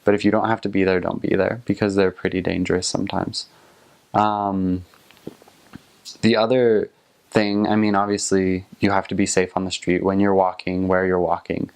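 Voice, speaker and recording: A man's voice: sits low, flat delivery, moderate pace, creaky, a little mellow. A young man in his twenties, a returned missionary, giving casual, plain-spoken advice and recollections.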